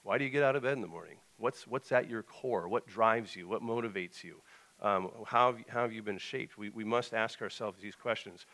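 A man's voice: on the low side, a little fast, bright, forceful tone. A young male pastor preaching a conversational sermon, reading a short passage and then telling anecdotes.

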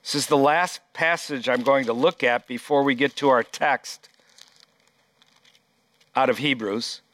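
A man's voice: mid-range voice, unhurried, a bit bright. A pastor preaching a sermon, reading scripture aloud and stressing his points emphatically.

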